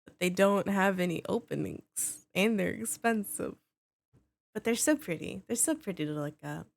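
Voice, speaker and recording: A woman's voice: mid-range voice, expressive, moderate pace, creaky. A woman game streamer chatting casually with her viewers, bubbly, greeting them by name and swearing offhandedly.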